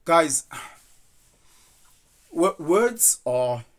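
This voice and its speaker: A man's voice: on the high side, very animated, drawn-out words. A young man talking through his thoughts in a casual, rambling monologue, earnest and loose, slipping into quoted voices now and then. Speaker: vlogger.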